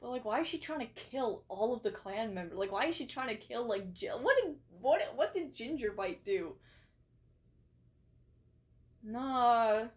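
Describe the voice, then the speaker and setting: A woman's voice: a little high, expressive, a little slow. A young woman from England chatting casually on a live stream, rambling, reading her chat aloud, and swearing and laughing easily.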